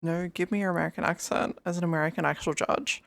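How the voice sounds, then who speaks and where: Giggly streamer girl rambling to chat, kinda gravelly, dry close mic. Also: on the low side, steady tone, quick pace, no room sound. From outside the US. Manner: giggly, laughs often, rambling. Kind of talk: casual livestream chat.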